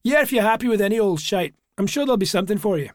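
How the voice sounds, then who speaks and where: A wiry, cheery Glaswegian builder, as an audiobook narrator puts him on, blunt and fond of swearing. His voice sits noticeably higher than the narrator's own, with a dry, close sound and no room around it. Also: lively intonation, very fast, dry recording. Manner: blunt, swearing, good-humoured.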